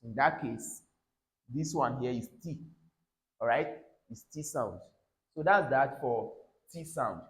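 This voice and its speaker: A man with a Nigerian English accent teaches pronunciation at a middle pitch. He says each example word twice and keeps checking in with his class by asking "all right?". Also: slow, pauses often, fairly bright tone, low-quality recording.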